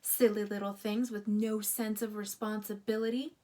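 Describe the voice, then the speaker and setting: A woman voicing a grumpy male watchdog who complains and barks orders loudly. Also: mid-range voice, level tone, moderate pace, close to an everyday voice. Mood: grumbling.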